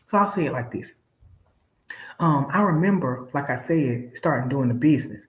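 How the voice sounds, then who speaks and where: A woman speaks to her live audience with a preacher's drive, leaning hard on each point and calling her viewers y'all. Her pitch swings widely from low and firm to high and excited. The sound has a roomy echo around it. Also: a little fast. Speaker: live-stream seller. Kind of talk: motivational live-stream talk.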